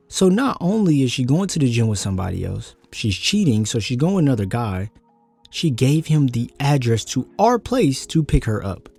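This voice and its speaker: A young man telling a personal story casually, his voice jumping high when he gets worked up. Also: gravelly. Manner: animated, voice jumps high when angry.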